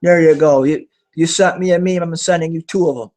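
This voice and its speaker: A man's voice: a little high, fairly even intonation, brisk, a little mellow, poor audio. A young adult man hosting a live online talk show, chatting casually and loosely with lots of fillers, self-corrections and casual swearing. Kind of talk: casual rambling chat.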